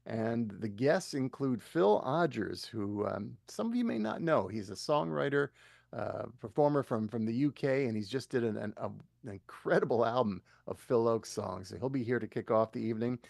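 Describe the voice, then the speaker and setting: A man hosting a live folk concert stream, thanking the artists and announcing upcoming shows in a halting way, full of fillers and restarts. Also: medium pitch, lively intonation, creaky, darkish tone, no room sound, studio quality. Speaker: festival concert host.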